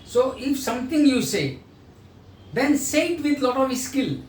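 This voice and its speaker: A man's voice: very high-pitched, expressive, unhurried. Man lecturing in an echoey room. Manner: explanatory, acts out sales dialogues. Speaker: pharma sales trainer. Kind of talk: training lecture. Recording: echoey room, voice from a distance, faint noise.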